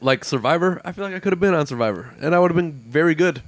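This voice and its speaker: A man's voice: fairly high pitch, lively intonation, racing, no echo. A young man co-hosting a podcast, laid-back and joking, swearing freely in casual chat. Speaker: podcast co-host.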